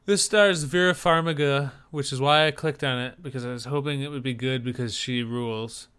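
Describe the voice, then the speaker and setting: A man's voice: mid-range voice, fairly quick, fairly bright tone, smooth. A man from the northern United States co-hosting a casual chat about trailers, rambling and enthusiastic with a joking streak. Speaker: podcast co-host.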